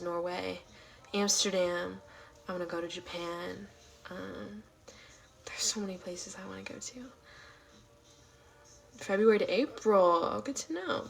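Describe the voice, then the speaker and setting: A woman's voice: mid-range voice, vocal fry. A woman of twenty-one from California chatting casually on a livestream, reactive and full of fillers, sometimes dropping to a whisper.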